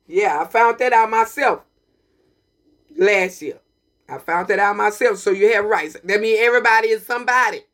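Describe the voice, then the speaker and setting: A woman's voice: medium pitch, moderate pace, a bit bright. A woman hosting a community radio broadcast, talking with preachy, emphatic passion and repeating her points. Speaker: radio host.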